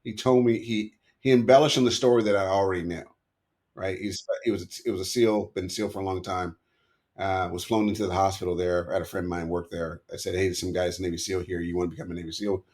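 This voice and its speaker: A man's voice: low-pitched, fairly even intonation, fast, a little mellow. A middle-aged man telling rambling, self-correcting stories as a podcast guest. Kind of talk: storytelling in an interview.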